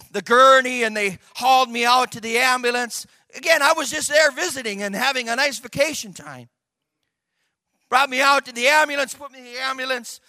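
An older man preaching a personal testimony, moving from quiet storytelling to shouted, fervent outbursts. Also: high-pitched, dry recording, clean studio sound. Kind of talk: sermon testimony.

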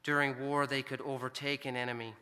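A man's voice: medium pitch, flat delivery, brisk, bright, forceful tone, smooth. A middle-aged American man preaching a sermon, telling a family story in an earnest, conversational way. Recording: long hall reverb.

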